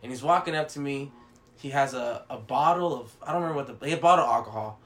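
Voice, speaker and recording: A man's voice: mid-range voice, fast, a bit bright. A man telling a long story in casual chat, rambling and swearing, acting out what others said. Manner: rambling, profane, with many fillers and acted-out quotes.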